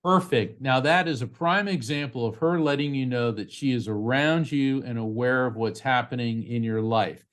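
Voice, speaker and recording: A man working as a psychic medium, giving a live reading to a participant over a video call in a quick, conversational way, often restarting his sentences. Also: medium pitch, a bit bright. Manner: fast, restarting, conversational delivery.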